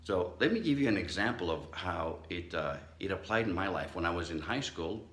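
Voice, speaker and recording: A man's voice: low-pitched, expressive, a little fast, a bit bright. Man, middle-aged, psychologist, motivational talk, acts out the voices he quotes, echoey room. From Southern California. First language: not English. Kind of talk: motivational talk with personal story.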